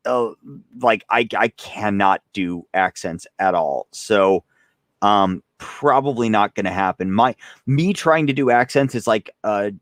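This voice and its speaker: A man's voice: on the low side, no echo, studio quality. A young man casually chatting on a live stream as a host, rambling and self-deprecating, often laughing while reading chat. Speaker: gun channel host.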